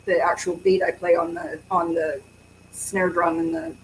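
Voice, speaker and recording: A woman's voice: on the low side, little pitch movement, normal speed. Hesitant woman drummer, far from the mic. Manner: hesitant, repeats words. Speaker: drummer in the band. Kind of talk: casual interview chat. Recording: distant mic with faint noise.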